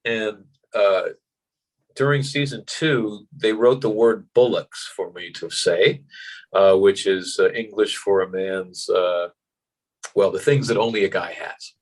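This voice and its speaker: Animated American actor, low voice. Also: male voice, unhurried, low-quality recording. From United States. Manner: animated, acts out voices in anecdotes, frequent fillers. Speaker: actor guest. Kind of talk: casual interview.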